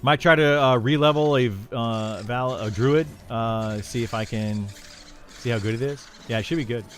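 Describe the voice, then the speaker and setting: With a little hiss or hum in the background, a young man talks at a moderate pace in a mid-range voice. He's livestreaming a game and casually chatting with his viewers, wandering through his thoughts with many fillers and false starts.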